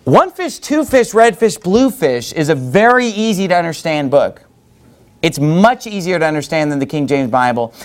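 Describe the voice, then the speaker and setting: A man preaching a sermon to his congregation, sarcastic and mocking, with quick asides. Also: a little high, lively intonation. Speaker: pastor. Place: church building with congregation.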